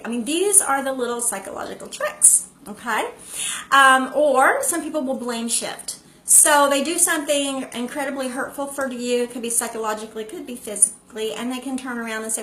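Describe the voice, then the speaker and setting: A woman's voice: sits high, normal speed, a bit bright, a little hiss or hum. A woman hosting a live stream, chatting casually to viewers and greeting them by name. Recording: echoey room.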